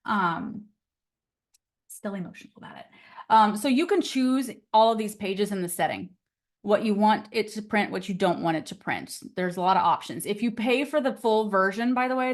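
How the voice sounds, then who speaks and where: A woman's voice: mid-range voice, expressive, moderate pace. Chatty, upbeat woman teaching a class. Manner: chatty, upbeat, laughs often. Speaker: real estate trainer. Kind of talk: casual live online class.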